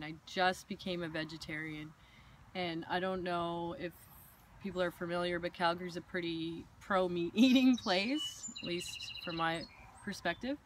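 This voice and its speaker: A woman hosting a casual chat, telling a personal story with lively, acted-out asides. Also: lowish voice, a little hiss or hum. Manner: animated storytelling with acted-out quotes. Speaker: host.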